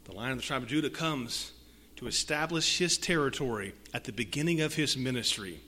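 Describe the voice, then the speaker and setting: A man preaching a sermon, swinging from hushed lines to loud emphatic ones and reading scripture aloud with repeated rhetorical phrases. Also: mid-range voice, fairly quick.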